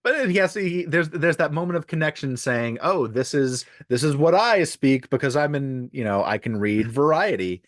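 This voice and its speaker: A man's voice: fairly high pitch, moderate pace, few pauses, dry recording. A man co-hosting a podcast, chatting casually and making dry jokes while recapping an old sitcom episode. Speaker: podcast co-host.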